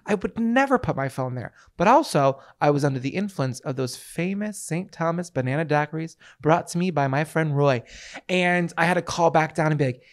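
A man co-hosts a casual podcast, telling a story with plenty of sass. He keeps it conversational and animated, and he jumps into louder, higher voices when quoting people. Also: brisk. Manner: animated storyteller, swings into loud sassy quoted voices. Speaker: podcast co-host. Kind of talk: casual chat.

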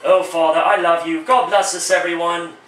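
A man's voice: fairly high pitch, little pitch movement, normal speed, fairly bright tone, lightly acted. A man voicing a whiny, pleading oversized boy with a crutch. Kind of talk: one-man comedic radio play. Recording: roomy echo, distant mic.

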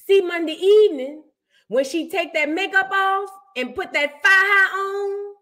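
A woman's voice: extremely high pitch, unhurried, bright, forceful tone. A young adult woman hosting a celebrity gossip commentary stream, talking in a brash, profane, mocking way. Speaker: host reacting to celebrity news. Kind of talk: unscripted livestream commentary.

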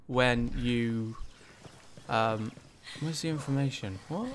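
A man's voice: mid-range voice, slow, slight background noise. A man giving casual gameplay commentary, rambling with lots of ums and likes and some swearing. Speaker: gaming channel host.

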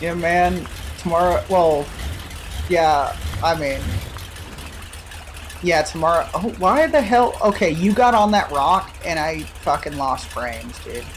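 Streaming a co-op game, a young man trades relaxed, profane jokes with a friend and laughs frequently. His voice is fairly high and unhurried, with a little hiss or hum in the audio.

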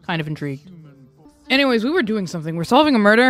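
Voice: mid-range voice, fast, soft background music. A let's-play gamer commenting casually and sarcastically while playing, prone to ranting. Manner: sarcastic, excitable, ranting at the game.

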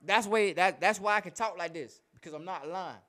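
A man's voice: high-pitched, brisk, a bit bright. A man, a rapper being interviewed, talking casually and rambling as he stumbles over and repeats his words. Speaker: rapper guest.

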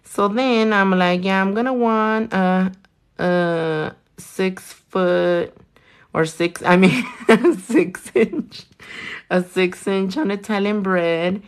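A woman's voice: medium pitch, slow, clean tone. A young woman telling a story in a casual chat while doing nails, talking in a chatty, profane way. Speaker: nail artist vlogger.

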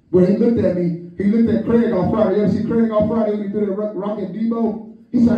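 A male pastor preaching a lively storytelling sermon, calling on the congregation and acting out quotes. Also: high voice, quick pace. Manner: animated, calls on the congregation, acts out quotes. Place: church hall, echoey. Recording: echoey church hall from far off, muffled.

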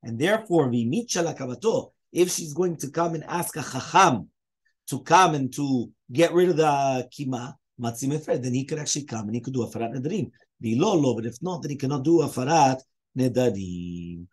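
A man's voice: mid-range voice, expressive, fairly quick, a little mellow, husky. A man, a rabbi, teaching a Talmud lesson, explaining step by step as he poses questions and answers them.

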